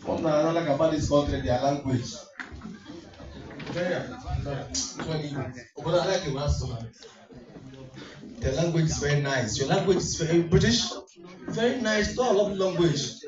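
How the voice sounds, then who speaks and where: Male MC, playful crowd-teaser, slightly high voice, heard from afar in an echoey hall with music behind. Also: normal speed, long pauses. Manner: teasing, playful crowd work with frequent laughter. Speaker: event MC and comedian. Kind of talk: live MC banter with crowd. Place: community party hall. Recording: distant echoey hall mic, dull sound. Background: music playing.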